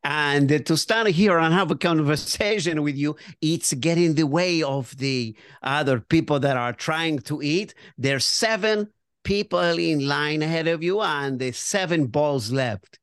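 A man's voice: a little high, a little slow, fairly bright tone, clear, resonant tone, no echo, clean studio sound. A man voicing a chatty, fretful male Italian buffet server with a put-on Italian accent and broken English. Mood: harried.

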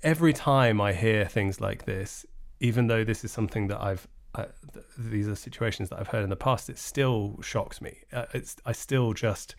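A male interview host responding earnestly to a guest, halting with restarts. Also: lowish voice, creaky. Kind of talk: interview conversation.

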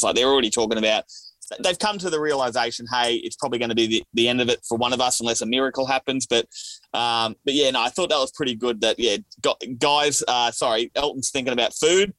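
Bright-voiced Australian man, easygoing. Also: medium pitch, no room sound. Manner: easygoing, laid-back, repeats himself. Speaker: podcast co-host. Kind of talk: casual chat.

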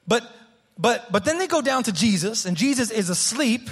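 A pastor in his thirties delivers a sermon in a high voice with a husky edge. He speaks earnestly and often doubles back on his words before pushing the point home. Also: expressive, brisk, faint music behind. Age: 30s. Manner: earnest, repeats words as he restarts phrases.

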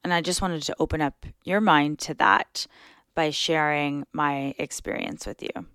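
A woman's voice: sits low, fairly even intonation, measured pace, a bit bright, clear, resonant tone, no echo, clean studio sound. A woman hosting a solo podcast, talking casually and earnestly as she coaches her listeners through their thinking. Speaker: podcast host.

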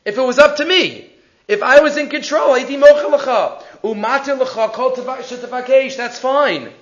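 A man voicing an old sage who is gentle but firm and speaks with earnest, tearful pleading, heard in an echoey, dull recording. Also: very high-pitched, normal speed, pitched above the performer's own voice.

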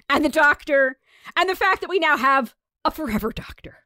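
A woman's voice: sits high, lively intonation, normal speed, sharp tone, no echo, studio quality. A young adult woman co-hosting a podcast, chatting casually with frequent fillers and laughter. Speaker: podcast co-host. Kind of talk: casual chat.

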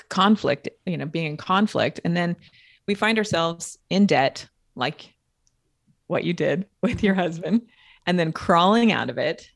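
A woman's voice: on the low side, dry recording, clean studio sound. A woman co-hosting a podcast in casual chat, upbeat and encouraging, with lots of filler words. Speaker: podcast co-host.

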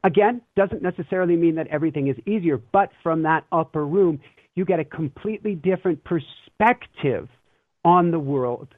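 An earnest man, reflective and given to easy laughter, with a slightly high voice. His sound is dry and squeezed into a thin, phone-like band. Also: normal speed, dry recording. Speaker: guest. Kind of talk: casual spiritual talk. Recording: tinny phone-line sound.

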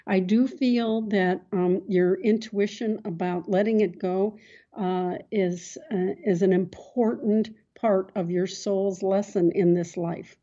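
A woman hosting a call-in psychic radio show, giving gentle advice and calling callers honey. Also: medium pitch, fairly even intonation, takes it slowly, muffled recording. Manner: soothing, calls callers honey.

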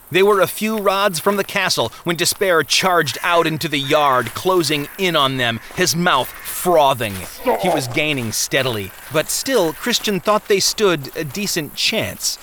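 A man's voice: on the high side, sharp tone, a little hiss or hum. Man narrating a dramatic audiobook. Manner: dramatic, vivid storytelling. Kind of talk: scripted narration. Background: music.

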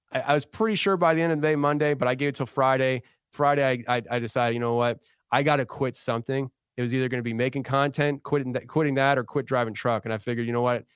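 A man in his thirties talks as a guest on a podcast, sharing a story in an earnest, heartfelt way. His sentences often start over as he works through his thoughts. His voice is clear and smooth, recorded dry and close in a studio. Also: medium pitch, steady tone, fast, dry recording. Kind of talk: casual podcast conversation.

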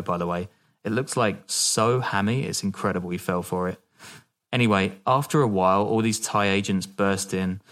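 A laid-back man with a fairly low voice, casually walking a friend through a story. He laughs easily and drops the odd swear word, keeping things loose and conversational. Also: fairly bright tone. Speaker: podcast co-host.

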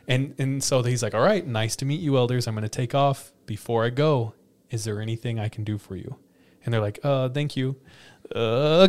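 A man tells a story to friends on a podcast, his voice sitting in a middle pitch. He laughs often and slips into the voices of the people in the tale. The talk is loose and casual. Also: normal speed. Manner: animated, laughs often, acts out quoted lines. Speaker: podcast host telling a story.

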